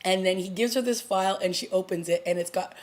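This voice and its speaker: A woman vlogger casually recapping a TV episode, chatty and animated, acting out the characters' lines as she goes. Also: mid-range voice, quick pace. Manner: chatty, animated retelling with acted-out quotes. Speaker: TV review vlogger.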